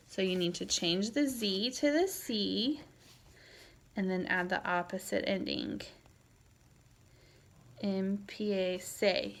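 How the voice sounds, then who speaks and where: Slow, methodical woman teaching Spanish. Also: mid-range voice. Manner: slow and methodical, with frequent ums and uhs. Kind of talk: recorded lecture.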